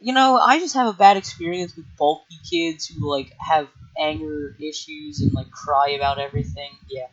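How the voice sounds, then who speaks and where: A man's voice: a little high, normal speed, hardly any pauses, fairly bright tone. Rambling young man telling a story. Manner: rambling, heavy use of filler words and restarts. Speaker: storytime vlogger. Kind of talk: casual storytelling. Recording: dull lo-fi mic.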